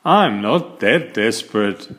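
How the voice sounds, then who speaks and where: A man's voice: fairly low pitch, expressive, slow pace, a bit bright. A man voicing a teasing schoolboy, jeering and then sulky, in a storybook reading. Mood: glum.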